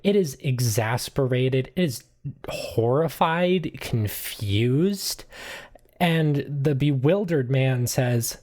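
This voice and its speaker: A woman narrating a tabletop game as game master, relaxed with frequent fillers. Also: very deep voice, slow.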